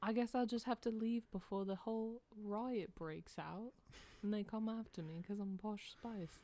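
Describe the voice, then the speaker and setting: A woman's voice: mid-range voice, steady tone, normal speed, mellow, no room sound, close to an everyday voice. A woman voicing a polite, secretive female pop star with a put-on British accent. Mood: polite, sheepish.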